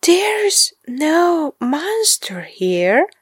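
A woman voicing a calm, patient mother in a read-aloud storybook, soothing and matter-of-fact. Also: extremely high pitch, extremely slow, no echo, voice pushed up, exaggerated voice. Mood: calm reassuring.

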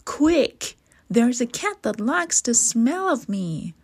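A woman putting on a tiny cheeky boy from a storybook who yells in a high, piping voice. His words come slowly, with a gravelly, husky grain. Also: expressive, full character voice. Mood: urgent.

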